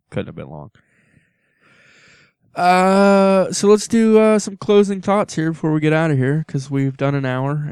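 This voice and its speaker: A man's voice: mid-range voice, clean tone, no echo, studio quality. A man co-hosting a casual podcast with his wife, chatting loosely and chuckling often. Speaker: podcast co-host.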